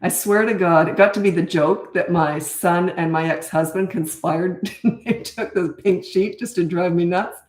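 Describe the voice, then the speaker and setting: With a lowish voice at a normal speed, an older Canadian woman who works as a parenting coach chats bluntly in a live Q&A. She laughs often, loses her thread, and the audio has a roomy feel.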